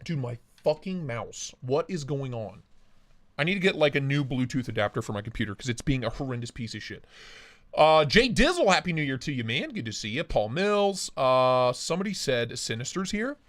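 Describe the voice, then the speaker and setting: A man's voice: medium pitch, big pitch swings, fairly quick, a bit bright. A man hosting a live stream, joking crudely and greeting chatters by name while short of breath from a big meal. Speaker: livestream host. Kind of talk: casual live chat reading viewer comments. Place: home office.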